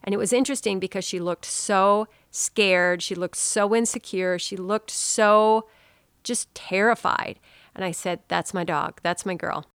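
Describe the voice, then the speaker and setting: A woman hosting a podcast, telling a personal story in an animated, expressive way and dropping to a soft hush now and then. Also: mid-range voice, measured pace, clean tone, no room sound, studio quality. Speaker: podcast host. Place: home.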